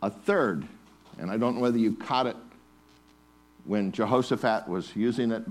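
A male pastor preaching a sermon in a church, passionate and rising to loud, emphatic bursts on scripture. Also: fairly low pitch, normal speed, long pauses.

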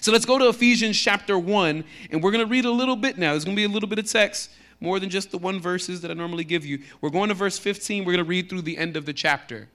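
High-voiced man preaching, Texan accent. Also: a bit bright. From Texas. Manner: conversational preaching that builds in force on key lines; slows down to read scripture aloud. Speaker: pastor. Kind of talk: sermon.

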